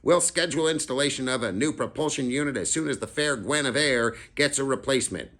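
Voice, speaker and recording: A small, fiercely clever boy who talks as if reading from a dictionary, every word formal and exact. A man puts him on in a storybook reading, lifting his voice well above his usual low register and speaking out more strongly. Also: brisk, a bit bright, natural voice. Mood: grandiose. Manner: formal, lofty, precise wording. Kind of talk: reading a novel aloud.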